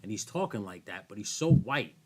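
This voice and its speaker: A man's voice: on the low side, big pitch swings, fairly quick, darkish tone. A man co-hosting a casual podcast, joking around and slipping into silly voices. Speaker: podcast co-host. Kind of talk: casual chat.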